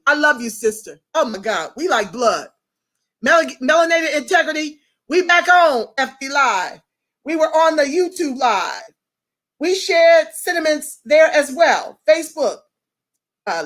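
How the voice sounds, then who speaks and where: A woman hosting a casual livestream, speaking in an animated, effusive way and greeting viewers by name as she reads their comments. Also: high voice.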